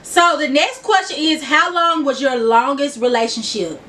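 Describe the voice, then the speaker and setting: A young woman with a Memphis accent and a high voice talks straight to her viewers in a loose, giggly way. She sits a little back from the mic, so the sound is slightly distant. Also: normal speed, pushed and bright, a little hiss or hum. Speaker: vlogger. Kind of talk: casual get-to-know-me chat.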